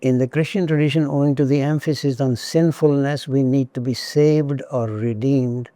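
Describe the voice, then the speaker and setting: Mellow-voiced man giving a measured lecture. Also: medium pitch, fairly even intonation, no room sound. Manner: measured, deliberate delivery with wry asides. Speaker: lecturer on spiritual traditions.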